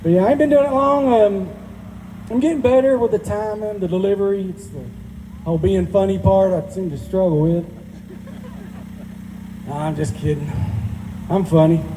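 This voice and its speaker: A rural Georgia comedian in his forties, Southern drawl and all, delivers a crude, self-deprecating set on a live benefit stage. He speaks high and dark-toned at a moderate pace with frequent pauses, and the reverberant hall recording has a little hiss or hum.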